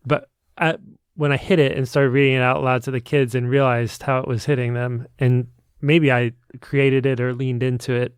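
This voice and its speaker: A man's voice: mid-range voice, level tone, moderate pace, smooth, dry recording, studio quality. A man, a parent, chatting earnestly on a book podcast. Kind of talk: casual chat.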